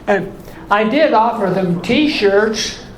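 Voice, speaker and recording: A man in his eighties doing stand-up in a comedy club, telling deadpan one-liners in a voice left high by voice surgery. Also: slow, crowd noise. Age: 80s. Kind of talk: stand-up routine. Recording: echoey club with room noise.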